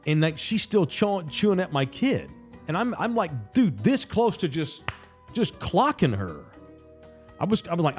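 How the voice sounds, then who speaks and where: A fairly high-voiced man tells a story with big swings in pitch, acting out the lines of the people in it. His delivery is profane and emphatic, with faint music underneath. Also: sing-song, moderate pace, a little mellow. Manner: acts out other people's lines in a shifting voice. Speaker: podcast host. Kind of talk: animated storytelling.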